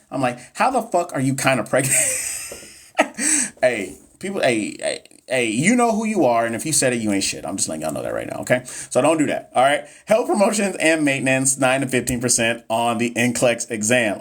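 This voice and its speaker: Chatty man in his thirties tutoring live. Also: medium pitch. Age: 30s. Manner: chatty, joking, reads questions aloud to the chat. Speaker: nursing exam tutor on a livestream. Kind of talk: casual livestream teaching.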